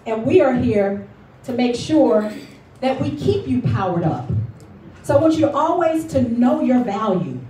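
A woman's voice: a little high, measured pace, slight background noise. Woman rallying a crowd in an echoey hall. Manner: lively, storytelling, rallying the audience. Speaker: motivational speaker. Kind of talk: motivational speech with call-and-response. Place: event hall at a luncheon. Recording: echoey hall recorded from far off.

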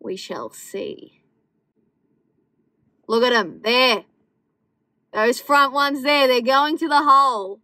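A woman's voice: high-pitched, expressive, slow, long pauses, sharp tone, no echo, low-quality recording. A young Australian woman farmer talking casually outdoors on her farm, chatty and wry, now and then exasperated as she calls out to the sheep. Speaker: farmer vlogger. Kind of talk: casual vlog narration.

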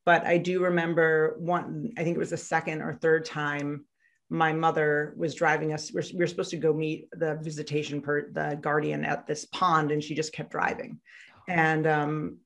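A woman guest on an interview podcast, telling a painful childhood story in a halting, reflective way with many fillers and restarts. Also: deep voice, level tone. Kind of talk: candid personal storytelling in an interview.

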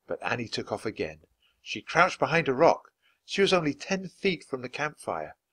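A man reading a children's storybook aloud for English learners in a clear, steady, measured way. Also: medium pitch. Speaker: storybook reader.

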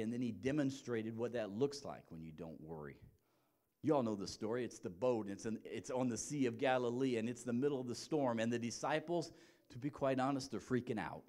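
A pastor preaches a sermon in a conversational way, often restarting his sentences. His voice sits at a middle pitch for a man, and he moves between quiet, reflective stretches and rising, emphatic passages. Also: fairly quick.

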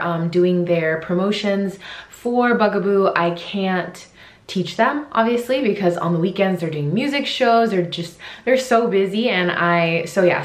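A young woman who works as an English teacher and vlogs, talking through a casual reaction video in a chatty, rambling, excitable way. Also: on the low side. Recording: roomy, echoey room.

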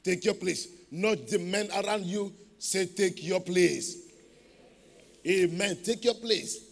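A man's voice: high voice, slow, creaky, in a large hall. A man preaching a sermon as pastor, emphatic, leading the congregation in call-and-response.

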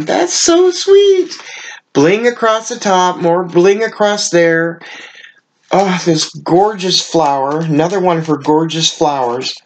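Gushing low-voiced woman opening happy mail. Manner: effusive and gushing, with frequent gasps and exclamations. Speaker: card-making channel host. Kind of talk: casual unboxing of mailed gifts.

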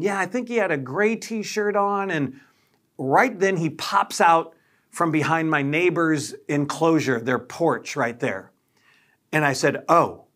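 A male pastor telling a personal story in a sermon, animated and dramatic, acting out the quoted lines. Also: fairly high pitch.

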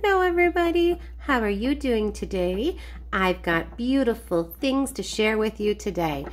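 A chirpy little rhinoceros girl greets everyone in a kids' toy video, as a woman puts her on. Her voice sits high and swoops up and down in a sing-song way. She sounds bright and friendly. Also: lively intonation, normal speed, lightly acted. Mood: cheerful.

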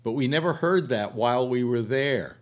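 A man's voice: medium pitch, lively intonation, normal speed. An older man from California hosting a casual on-air conversation, rambling with many fillers like "uh" and "you know.". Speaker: radio show host.

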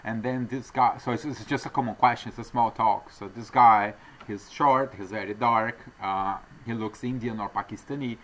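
A man's voice: mid-range voice, fairly even intonation, a bit bright. Guy from argentina rambling thru a story in an interview, lots of restarts, faint hum behind. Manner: rambling, halting speech with many restarts; acts out quoted voices. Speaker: traveling salesman.

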